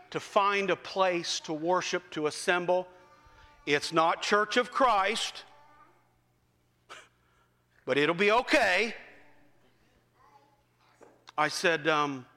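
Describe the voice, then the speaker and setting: Bright-voiced male preacher in a reverberant hall. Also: fairly high pitch. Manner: folksy, conversational, varies pace for emphasis. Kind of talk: sermon with storytelling.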